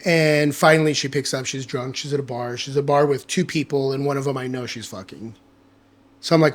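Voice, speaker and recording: A man guest on a podcast, telling a personal story in casual chat, candid and animated, swearing freely and acting out the dialogue he quotes. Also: mid-range voice, brisk.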